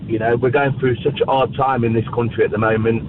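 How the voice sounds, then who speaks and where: A man's voice: mid-range voice, fairly even intonation, fast. A man phoning in to a radio show, emotional and heartfelt, saying "mate" constantly. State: emotional, close to upset. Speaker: caller. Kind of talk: phone-in call. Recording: tinny phone line with faint noise.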